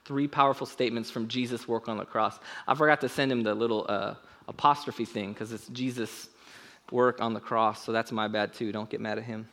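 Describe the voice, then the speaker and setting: A male pastor preaching a sermon and leading prayer in a conversational, animated way, with joking asides to the congregation. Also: medium pitch, fairly quick.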